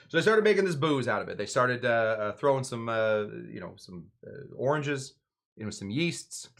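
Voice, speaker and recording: A man's voice: medium pitch, a bit bright. A man hosting a live cocktail show, talking casually and digressively, with many fillers, asides and jokes. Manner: jokey, answers his own questions. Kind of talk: casual live drink-making demonstration.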